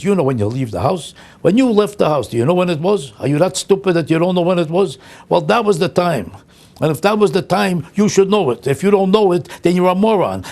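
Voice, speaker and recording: A man's voice: fairly high pitch, darkish tone. An older man delivering a comic rant, indignant and incredulous, piling up exasperated insults. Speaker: comedian. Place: home vlog.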